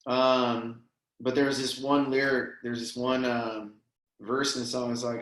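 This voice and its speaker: A man's voice: mid-range voice, level tone, measured pace, fairly bright tone. A man telling a heartfelt story as a podcast guest, earnest and emotional, often saying "man" and "dude". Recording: roomy echo.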